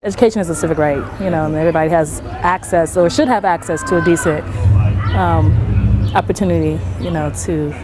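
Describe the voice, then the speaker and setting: A woman speaks about education outdoors, halting and thoughtful. Her voice is lowish. A street crowd and passing traffic carry behind her. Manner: thoughtful, hesitant. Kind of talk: interview.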